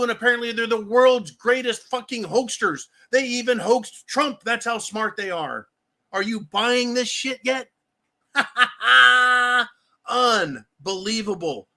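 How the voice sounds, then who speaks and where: A man's voice: extremely high pitch, bright, forceful tone. A man delivering an angry, profane and sarcastic political rant as commentator.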